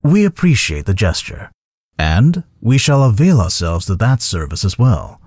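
A man voicing a dignified ruler who talks in a formal, measured, courtly way, in a video game. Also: fairly low pitch, big pitch swings, darkish tone, husky, no room sound, studio quality, full character voice.

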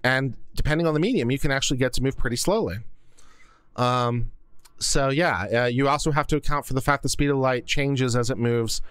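A geeky male host of a live stream talks loosely through viewer questions, wandering off into side stories. His voice sits at an ordinary middle pitch and sounds close and dry. When a topic excites him, he projects and gets louder. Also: fairly quick, clear, resonant tone, no room sound. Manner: self-described geek, rambling and chatty. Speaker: law commentary host.

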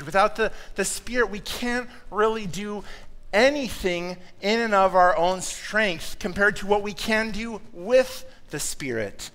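A man delivers a sermon in a church, his voice sitting high and ringing out clean and smooth. He tells stories in a conversational, self-deprecating way, dropping in quick asides to the congregation. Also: sharp tone. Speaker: pastor.

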